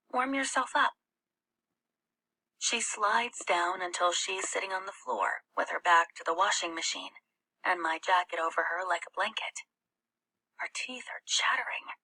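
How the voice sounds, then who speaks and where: A woman reading a novel aloud, slow and careful in her storytelling. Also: fairly low pitch, pushed and bright. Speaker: audiobook reader.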